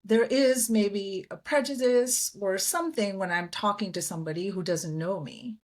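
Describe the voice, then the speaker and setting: A woman from India, a guest in an interview, telling stories in an animated way and acting out the voices of people she quotes. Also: medium pitch, normal speed. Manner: animated storyteller who acts out quoted voices. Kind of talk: conversational interview.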